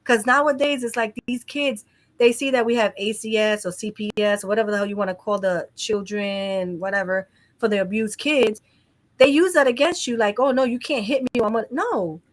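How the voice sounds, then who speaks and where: A woman's voice: medium pitch, normal speed. A woman hosting a casual late-night chat, blunt and outspoken. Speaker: host.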